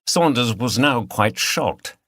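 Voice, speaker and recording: A man narrating a mystery audiobook in a measured, even storytelling manner. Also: mid-range voice, breathy edge, dry recording, studio quality. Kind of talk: scripted narration.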